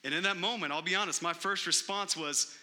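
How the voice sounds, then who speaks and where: Forceful high-voiced man preaching a sermon. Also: fairly quick. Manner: impassioned, rhetorical questions, swings between loud and hushed. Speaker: pastor. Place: church sanctuary. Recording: echoey hall reverb.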